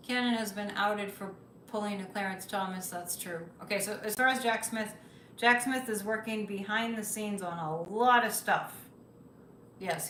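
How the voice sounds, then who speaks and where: A woman's voice: medium pitch, a bit bright, reverberant, a little hiss or hum, rough recording. A woman hosting a psychic livestream, chatting casually, reading viewer comments and repeating phrases for emphasis.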